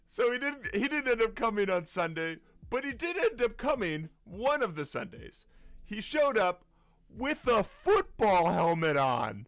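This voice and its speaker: A man, a youth pastor, telling a story in a casual, lively way and chuckling often. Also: high-pitched, a little slow, no echo.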